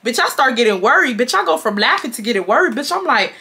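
A woman in her twenties from Houston, telling a storytime to her viewers in a chatty, animated way and calling them y'all. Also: on the high side, quick pace, slightly rough. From Houston, Texas. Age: 20s. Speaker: storytime vlogger.

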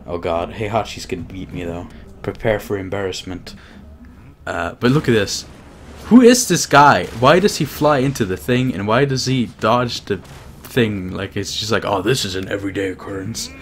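A man streaming himself playing a fighting game, chatting casually, swearing and laughing, with bursts of excited shouting. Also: lowish voice, moderate pace, slight background noise. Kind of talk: casual gameplay commentary.

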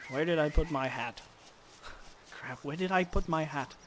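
A man commenting on his game as he plays, chatting casually, cursing at creatures and bursting into loud shouts. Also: fairly high pitch, measured pace, slight background noise. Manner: animated, swears at game creatures, sudden loud outbursts. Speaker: let's play host.

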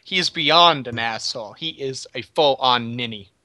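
A man playing in a tabletop game, chatting casually with quick quips. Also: medium pitch, bright, forceful tone, no room sound. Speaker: player.

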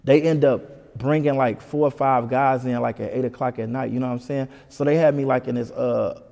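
A man from Michigan, a comedian guest, telling a story in an animated, casual way in an interview. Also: mid-range voice, fairly quick, gravelly, big-room sound. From Detroit, Michigan. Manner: animated, keeps saying "you know what I'm saying".

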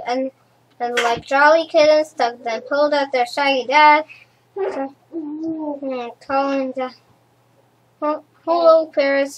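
A woman reading a rhyming children's storybook aloud, in a slow rhythmic way with occasional stumbles. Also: high-pitched, slight background noise, rough recording. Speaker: storybook reader.

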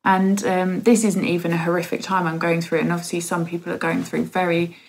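A woman in her thirties giving a heartfelt spoken testimony in a church service, halting with many pauses and fillers. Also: on the low side, level tone, gravelly, a little hiss or hum, rough recording.

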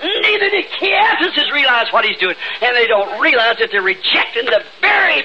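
A man with a Southern accent preaching an old-time revival sermon, fervent and breaking into sudden shouts, recorded in a church. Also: extremely high pitch, very animated, a little fast. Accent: Southern United States. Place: church sanctuary. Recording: dull lo-fi 1960s tape with faint hiss.

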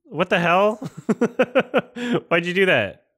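A man's voice: medium pitch, animated, moderate pace, fairly bright tone, no echo, clean studio sound. A man casually commenting on a movie as he watches it, rambling, swearing and incredulous. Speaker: host reacting to a film.

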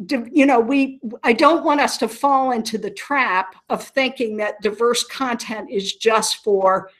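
A woman's voice: on the high side, measured pace. A woman from Southern Ohio, a nonprofit leader being interviewed, speaking earnestly and telling stories with frequent restarts. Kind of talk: conversational interview.

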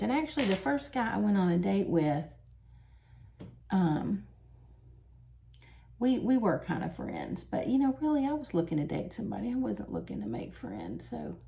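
With a creaky, medium-pitched voice, this beauty vlogger in her forties hails from the Southern US. She's chatty and animated, laughing readily while telling stories and putting on makeup.

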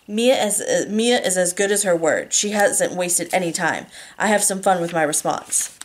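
Give me a woman with a slightly low voice reading a novel aloud casually. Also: moderate pace. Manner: stumbles on words, apologizes aside. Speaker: reader.

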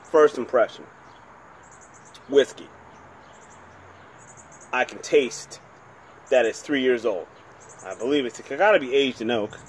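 A chatty man from New Jersey reviews a bottle on his own channel, rambling and poking fun at himself as he goes. His voice sits at an ordinary middle pitch. A faint hum of noise runs under the recording. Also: lively intonation, unhurried, pauses often. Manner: chatty, rambling, self-deprecating. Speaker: whisky reviewer, channel host. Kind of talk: casual home video review.

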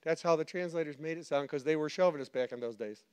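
A male pastor preaching a sermon, telling stories with animated quoted voices and frequent laughter. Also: on the high side, fast talker, clear, resonant tone. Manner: animated storytelling, acts out quotes, laughs often. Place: church.

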